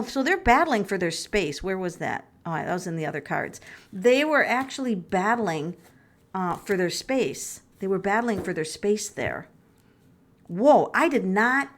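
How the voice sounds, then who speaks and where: Excitable middle-aged woman reading tarot. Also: mid-range voice. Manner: excitable, thinking aloud, many fillers and restarts. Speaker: tarot reader. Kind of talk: casual tarot reading vlog.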